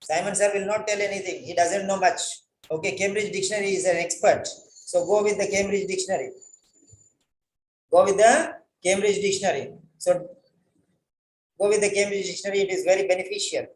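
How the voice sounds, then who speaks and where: Male writing tutor, higher pitch, corrective and repetitive, recorded in a roomy space. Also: steady tone, a little fast, slight background noise. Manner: corrective, repeats phrases, spells words out. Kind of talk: correcting a student's letter line by line.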